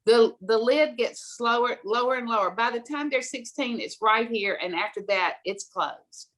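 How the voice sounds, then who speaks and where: A woman's voice: fairly high pitch, normal speed, a bit bright. Middle-aged woman guest, direct and emphatic, storytelling advice. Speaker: guest speaker on money.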